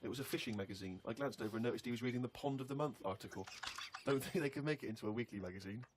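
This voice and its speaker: A man's voice: medium pitch, slight background noise. A man hosting a studio chat, reading a diary aloud in a teasing way and often breaking into laughter. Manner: teasing, quick, bursts into laughter. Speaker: host. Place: radio studio.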